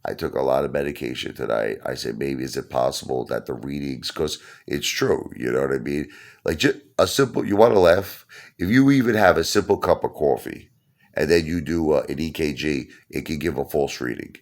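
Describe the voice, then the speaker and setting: Super deep gravelly guy rambling thru a funny story, keeps repeating himself. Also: brisk. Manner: rambling, animated, repeats himself, laughs at his own story. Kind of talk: casual comedic storytelling.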